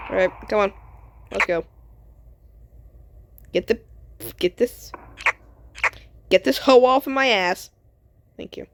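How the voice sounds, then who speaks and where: Excitable gamer woman, lively pitch, noisy background. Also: slow, pauses often. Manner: excitable, swears and laughs often. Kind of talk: casual gaming commentary.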